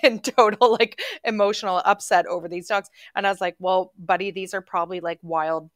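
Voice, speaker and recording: A woman's voice: medium pitch, steady tone, fairly quick, no echo, studio quality. A woman in her forties co-hosting a podcast, chatting casually and telling stories with lots of "like" fillers and frequent laughter. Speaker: podcast co-host. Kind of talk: casual storytelling chat.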